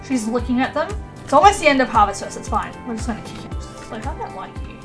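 A woman's voice: a little high, lively intonation, fast talker, loud music behind the voice. A young woman chatting through a life-sim game, bossing the characters around and laughing often. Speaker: let's play gamer. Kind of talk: casual gameplay commentary.

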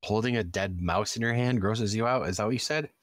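A man's voice: lowish voice, a little fast, dry recording. A man co-hosting a horror movie podcast who chats in a laid-back way with brief, dry remarks. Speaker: podcast co-host. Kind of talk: casual movie review chat.

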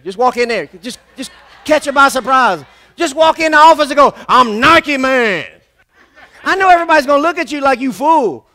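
Very high-voiced emphatic man preaching. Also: sharp tone. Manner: emphatic, repetitive, calls on the congregation to respond. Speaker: pastor. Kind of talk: sermon. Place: church.

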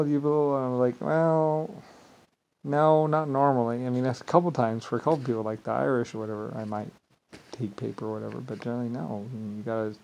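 Man with an average-pitched voice, rambling grandly to camera, volume rising and falling. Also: creaky, a little hiss or hum, poor audio. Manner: meandering, repeats "like I said", swings between loud and quiet; grandiose, self-assured. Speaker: vlogger. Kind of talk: rambling solo monologue.

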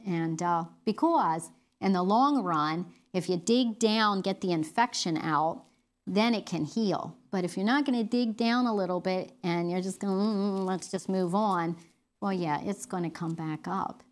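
A middle-aged woman leading a women's Bible study, talking earnestly and conversationally with fillers and restarts. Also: mid-range voice.

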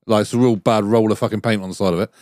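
A man's voice: lowish voice, steady tone, rapid-fire, darkish tone, no room sound, studio quality. A man from the telling sweary stories in casual banter on a podcast, often laughing and slipping into other people's voices. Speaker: podcast co-host. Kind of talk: casual banter among mates.

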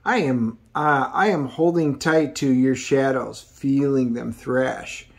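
A man reading out the lines of an eerie supernatural masked girl creature in a slow, low murmur. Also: vocal fry, slightly rough, full character voice.

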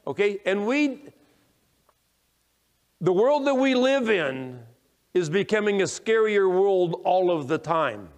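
Preaching pastor in a reverberant church. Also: male voice, sing-song, slow, long pauses. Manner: emphatic preaching, rising when quoting scripture, dropping low and quiet to reflect; frequent "okay?" checks and stammered restarts. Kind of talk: sermon. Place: church sanctuary. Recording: long echoing reverb of a church hall.

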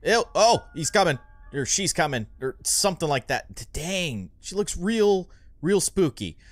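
Excitable young man with lively delivery. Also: fairly high pitch, a little slow, no room sound. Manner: rambling, excitable, easily spooked. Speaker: gaming channel host. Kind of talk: let's play commentary.

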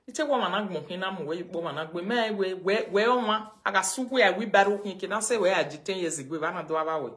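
A Nigerian woman ranting on a livestream, mocking and scolding, her voice swinging between loud outbursts and low mutters. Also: quick pace, hardly any pauses. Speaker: livestream host. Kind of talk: casual livestream rant.

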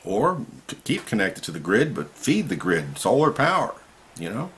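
A man giving an impassioned political monologue to camera, swinging between loud outbursts and low muttering. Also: huge pitch swings, normal speed, a little hiss or hum. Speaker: activist vlogger.

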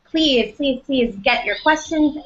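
A woman co-hosts a live web show, inviting questions in a relaxed way full of fillers. Her voice sits a little high. The stream audio is dull and lo-fi. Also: slow pace. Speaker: co-host.

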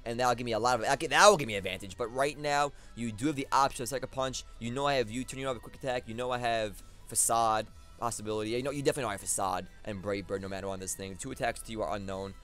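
A young man giving live gameplay commentary, thinking aloud and talking to his opponent with excitable swings of energy. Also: mid-range voice, racing, soft background music. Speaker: competitive battle commentator.

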